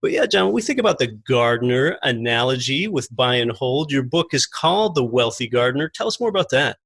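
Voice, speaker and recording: A man's voice: medium pitch, very animated, brisk, vocal fry, fairly bright tone, husky. A man hosting a podcast, interviewing a guest and then talking to listeners in an earnest, recommending way. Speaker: podcast host.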